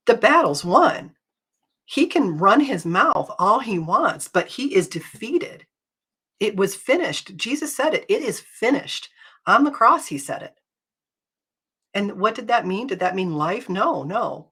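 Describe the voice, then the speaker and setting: Husky-voiced woman talking earnestly. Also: deep voice, fairly bright tone. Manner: earnest, emphatic, speaks straight to viewers. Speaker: host. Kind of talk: live faith-based talk.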